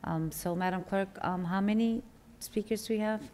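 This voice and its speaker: A woman chairing a public council meeting, speaking in a measured, formal, halting way. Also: medium pitch, mellow. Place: large council chamber. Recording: hall with long reverb, faint noise.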